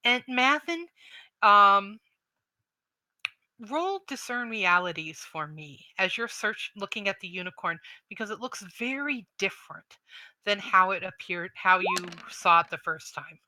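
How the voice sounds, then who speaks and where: A woman running a tabletop game, setting scenes and explaining rules in an unhurried way. Her voice is very bright and clean, and the sound is close and dry. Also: mid-range voice, lively intonation, no room sound. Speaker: game master.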